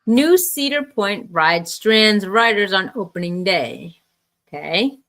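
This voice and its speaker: A woman's voice: mid-range voice, animated, slow pace, a bit bright. A woman co-hosting a casual podcast, reading odd news stories aloud and adding wry, teasing asides. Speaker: podcast co-host.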